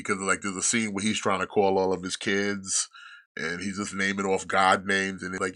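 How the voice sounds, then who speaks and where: A man with a fairly low voice and a bright, forceful edge talks in a loose, casual way. He tells a story in a rambling, profane manner, with frequent restarts. It sounds like a laid-back podcast host chatting. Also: fairly even intonation, moderate pace. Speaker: podcast host reviewing a show. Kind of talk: casual chat.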